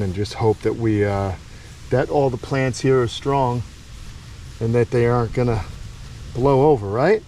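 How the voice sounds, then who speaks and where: A man's voice: mid-range voice, measured pace, long pauses, dark tone, slight background noise. Chatty man vlogging outdoors. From Florida. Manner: chatty, talks fondly to his animals. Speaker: animal caretaker and vlogger. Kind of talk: casual walk-and-talk vlog. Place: outdoors at an animal camp with ponds.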